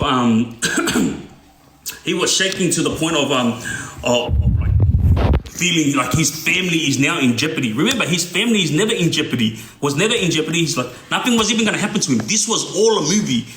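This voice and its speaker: A man's voice: on the high side, lively intonation, a little fast, background noise. A middle-aged man, casually telling a story and checking in with "yeah?". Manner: casual, asks "yeah?" often. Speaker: former gang member telling stories. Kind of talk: storytelling monologue. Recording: echoey room.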